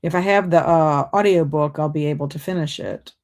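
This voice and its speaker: A woman's voice: low-pitched, a little fast, a little mellow. A woman hosting a livestream, chatting casually and reading out viewer comments while multitasking. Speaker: BookTube livestream host.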